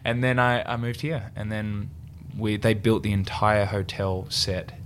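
A man's voice: lowish voice, unhurried, slight background noise. A young Australian man with an Australian accent, a guest actor chatting casually and acting out stories with quoted exchanges. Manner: animated storyteller, acts out quoted exchanges. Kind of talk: casual interview chat.

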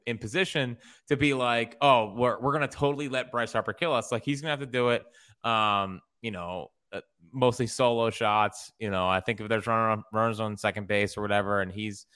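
A man's voice: mid-range voice, brisk, bright, forceful tone, smooth. A man hosting sports radio, giving casual baseball analysis that rambles with restarts and easy laughs.

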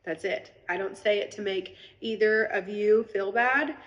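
A woman's voice: medium pitch, measured pace, in a large hall. A woman pours her heart out on a livestream, tearful and rambling. She turns earnest and preachy as she talks to her followers. The phone audio sounds a touch dull. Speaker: online seller on a live video. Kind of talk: emotional livestream monologue.

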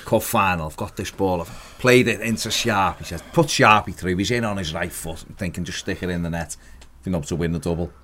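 A man on a casual football podcast with a voice a little lower than most. He tells anecdotes in a relaxed way and often drops low and quiet. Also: fairly quick. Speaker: podcast co-host.

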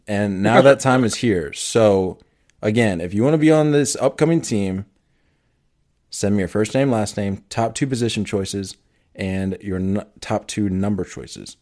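A young man with a slightly low voice talks through a casual sports podcast in a loose, joking way. He laughs easily and keeps things relaxed. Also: measured pace. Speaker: podcast co-host.

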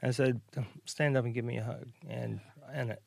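A middle-aged man speaking earnestly as a podcast co-host, often pausing and restarting. His voice has a gravelly edge at a middling pitch. The sound is dry and close. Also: steady tone, darkish tone, dry recording. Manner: earnest, hesitant, many ums and restarts. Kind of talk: casual podcast chat.

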